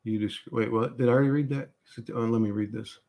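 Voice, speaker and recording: A man's voice: medium pitch, fairly even intonation, mellow. Rambling man swearing and restarting. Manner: halting, swears often, trails off and restarts. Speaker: streamer recounting a vision. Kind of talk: rambling casual monologue, reading chat.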